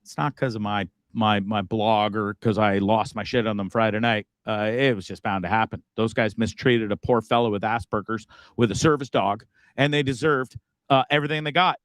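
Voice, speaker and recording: A man's voice: lowish voice, fairly even intonation, normal speed, a bit bright, no room sound. A man hosting a live show, talking casually with a profane, rambling manner. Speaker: host.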